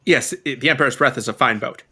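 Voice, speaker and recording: A man's voice: medium pitch, quick pace, sharp tone, slightly rough. A man voicing a formal, easily offended ship captain in a tabletop game, with stiff politeness. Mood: affronted. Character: formal male ship captain, prim and touchy.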